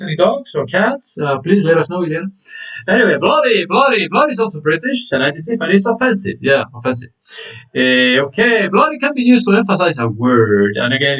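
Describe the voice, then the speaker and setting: A man's voice: a little high, a bit bright, recorded from a distance, rough recording. A man teaching an online English lesson, repeating words, saying "okay" often and greeting viewers by name.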